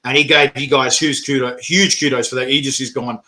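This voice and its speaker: A man interviewing a guest in casual chat, telling animated stories and laughing often. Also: medium pitch, fairly quick.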